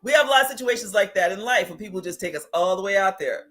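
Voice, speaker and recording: Woman, spiritual teacher, livestream talk, reflective, laughs a lot, mid-pitched voice. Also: expressive, fast, a bit bright, faint music behind. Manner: reflective, laughs often, acts out inner voices. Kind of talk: livestream teaching, reading viewer comments.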